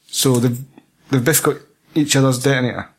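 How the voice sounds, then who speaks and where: A man's voice: medium pitch, fairly even intonation, fairly quick, breathy edge. A Scottish man chatting casually about a film, swearing freely and rambling between thoughts. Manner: sweary, rambling, laughs often.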